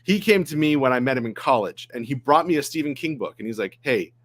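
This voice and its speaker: Relaxed man telling an anecdote. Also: medium pitch, quick pace. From Maine. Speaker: guest filmmaker. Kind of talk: casual chat.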